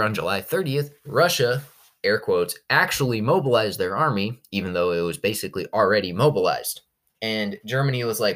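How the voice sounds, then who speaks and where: A man's voice: mid-range voice, a bit bright. A male history teacher recording a podcast lesson for his class, telling the story with energy and slipping into goofy voices for the countries.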